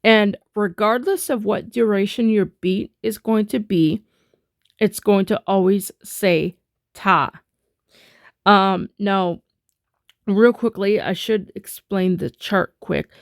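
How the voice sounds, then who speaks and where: A woman's voice: medium pitch, slow, dry recording, clean studio sound. A woman teaching a music rhythm lesson in a chatty way, full of fillers, chanting rhythm syllables as she taps.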